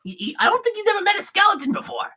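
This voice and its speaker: Woman doing a loud, excitable little buddy. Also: extremely high pitch, very fast, voice pushed up, exaggerated voice. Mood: excited. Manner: loud, gushing, exclaiming. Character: excitable, boisterous male adventuring companion.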